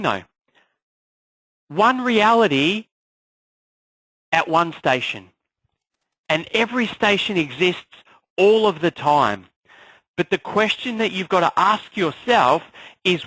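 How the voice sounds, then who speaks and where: A man coaching an online class in an energetic motivational style, firing off rhetorical questions. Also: high voice, slow pace, pauses often, no echo, low-quality recording. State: clearing a frog in his throat. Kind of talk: motivational live class talk.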